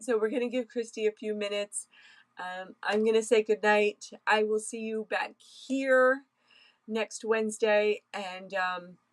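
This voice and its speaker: Slow, hesitant woman hosting a craft livestream. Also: medium pitch, poor audio. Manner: emotional, hesitant, many ums, soft laughs. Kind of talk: casual live-stream chat.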